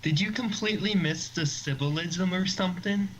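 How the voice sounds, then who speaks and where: A prickly teen schoolgirl scoffs at her clubmate's taste, her voice pushed high and girlish, as a man puts her on. She sounds like a game character read aloud. A faint hiss sits under the voice. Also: moderate pace, dull audio, lightly acted. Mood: scornful.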